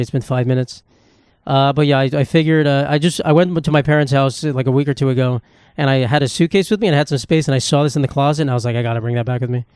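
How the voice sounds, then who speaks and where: A man's voice: mid-range voice, darkish tone, no room sound, studio quality. A young man hosting a solo podcast, rambling and swearing in a self-mocking, casual way. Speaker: podcast host. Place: home room with knickknacks.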